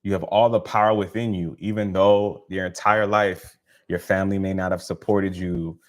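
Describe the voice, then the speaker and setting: A man's voice: low-pitched, steady tone, moderate pace. A man hosting a casual live stream, talking in a laid-back, slangy, encouraging way and laughing often. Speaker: live stream host, spiritual healer.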